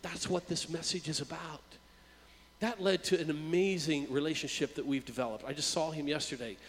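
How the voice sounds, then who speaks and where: A man's voice: on the high side, fairly even intonation, brisk. Storytelling preacher man in a reverberant hall. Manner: conversational, repeats words when starting a phrase. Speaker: youth worker and preacher. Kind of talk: storytelling sermon.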